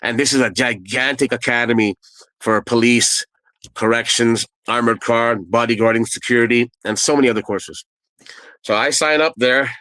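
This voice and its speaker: A man's voice: medium pitch, normal speed, pushed and bright, no room sound, low-quality recording. Candid man telling his story. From Canada. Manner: conversational and rambling, with asides and restarts.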